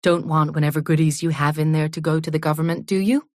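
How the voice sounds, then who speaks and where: A woman's voice: low voice, fairly even intonation, quick pace, darkish tone, no room sound, clean studio sound, lightly acted. Woman reading a cheery Canadian bank manager. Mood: teasing. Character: brisk friendly female bank manager.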